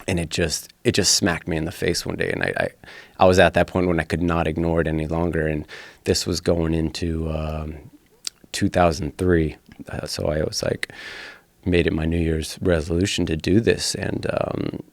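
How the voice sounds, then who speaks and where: A man's voice: low voice, flat delivery, moderate pace, gravelly, no echo. A man in his thirties, a fighter and podcast guest, telling his personal story in an earnest, blunt way with some swearing.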